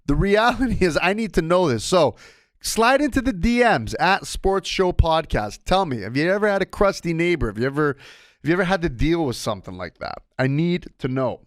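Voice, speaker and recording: A man holds a casual solo sports podcast, his voice sitting a little high and jumping around as he tells a story. The sound is dry and close, with no room around it. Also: normal speed, no echo. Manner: animated storyteller with wide swings of pitch.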